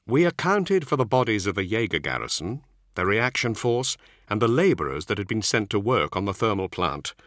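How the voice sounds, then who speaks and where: A man voicing a stern, earnest warrior-monk who argues his case in a measured, insistent way. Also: on the low side, big pitch swings, a bit bright, no echo, studio quality. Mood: explaining.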